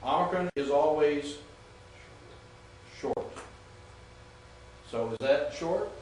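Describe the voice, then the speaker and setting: A man's voice: a little high, slow, darkish tone, a little hiss or hum. Man lecturing in an echoey classroom. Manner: explains step by step, quizzing students. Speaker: Greek teacher. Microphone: far from the mic. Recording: very echoey distant classroom recording.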